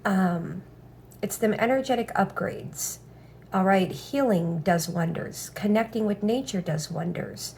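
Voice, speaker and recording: Measured in pace, this woman's medium-pitched voice is creaky and darkish, with a little background noise. She gives a casual tarot reading that is blunt and profane, peppered with repeated "all right."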